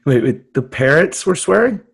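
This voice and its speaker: A man's voice: a little high, big pitch swings, normal speed, creaky, breathy edge. A young man co-hosting a comedy podcast, riffing crudely in casual banter with a friend. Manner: riffing, crude, jokey, puts on brief silly voices. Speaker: podcast co-host.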